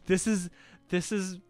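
Brief: young male podcast co-host, higher-pitched, dry close mic, hams up a cringe read-aloud. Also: darkish tone, no room sound. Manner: mock-dramatic, laughing while reading. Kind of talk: reading aloud and joking.

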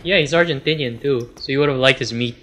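A man's voice: medium pitch, quick pace, pushed and bright. A young man in casual gaming chat, wry and asking his teammates questions. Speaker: gamer.

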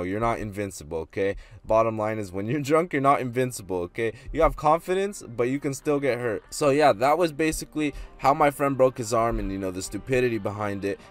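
Blunt swearing young man telling a story. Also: on the low side. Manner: blunt and swearing, with lots of "you know" fillers. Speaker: YouTuber. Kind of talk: casual storytime vlog. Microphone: close desk mic with gameplay footage playing.

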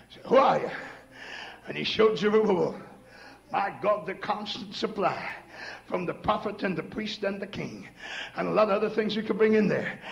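An older man preaching a chanted church sermon, rhythmic and punctuated with "uh", rising to shouts. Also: high voice, gravelly, muffled recording. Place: church sanctuary. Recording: echoey church recording.

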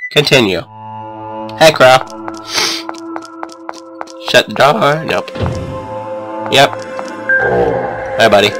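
A man giving excitable let's-play commentary, talking to the characters and yelling in frustration at the controls. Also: medium pitch, a little slow, long pauses, rough recording. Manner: excitable, yells at the game. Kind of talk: game commentary. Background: game music.

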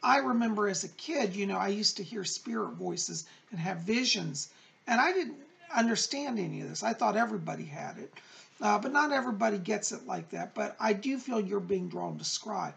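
A middle-aged man hosting a psychic advice show, reading viewer letters aloud and answering them in a gentle, reassuring, chatty way. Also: high voice, expressive, moderate pace, creaky. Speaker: psychic medium host.

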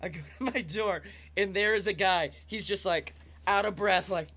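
A man co-hosting a podcast, chatting casually and telling animated stories from home. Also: high voice, normal speed. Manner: animated storyteller, acts out characters, laughs a lot. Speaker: podcast co-host. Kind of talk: casual comedic chat.

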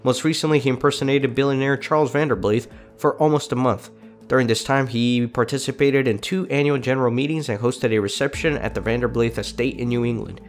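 A man's voice: medium pitch, steady tone, a little fast, faint music behind. A congested man with a cold, hosting a gaming video and chatting casually while reading game text aloud. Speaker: gaming channel host.

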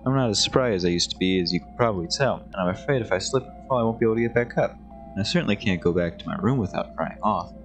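A man's voice: on the low side, lively intonation, fast, soft background music. A man voicing a frail, grumpy old man in a game, talking in a folksy, complaining way. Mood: pleading.

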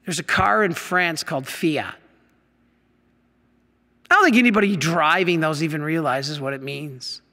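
A man, a Catholic priest, teaching his audience from slides in an animated way, with many rhetorical questions. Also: fairly high pitch, a little slow, pauses often. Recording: long hall reverb.

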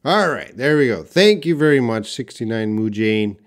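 A man teaches English writing live online, calmly reading out sample sentences and putting questions to his viewers. He has a mid-range voice with lively intonation.

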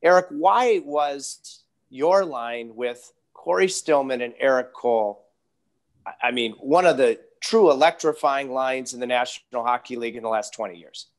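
A man's voice: mid-range voice, moderate pace. A man hosting an interview podcast, asking long questions and telling chatty anecdotes. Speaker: podcast host.

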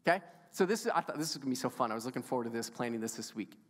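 Expressive and racing, a male pastor with a mid-range voice preaches to his congregation, keeping it playful and enthusiastic and drawing them into conversation. The sanctuary gives the recording a long hall reverb.

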